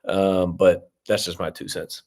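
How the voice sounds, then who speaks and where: Deep-voiced and a little mellow, an Ohio real estate investing coach speaks unhurriedly with a flat delivery. He answers viewer comments in a relaxed live stream, rambling loosely with many fillers while staying upbeat with viewers.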